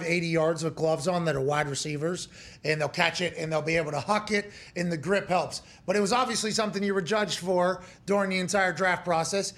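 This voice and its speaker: Sports show host guy, high pitched, goes on a bit before asking stuff. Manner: energetic, rambling questions. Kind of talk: sports talk show interview.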